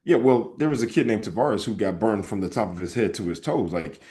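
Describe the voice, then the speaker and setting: A man's voice: lowish voice, expressive, brisk, dark tone. A man from Alabama co-hosting a podcast, telling candid stories in casual chat. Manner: candid, storytelling, often mimics voices. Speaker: podcast co-host.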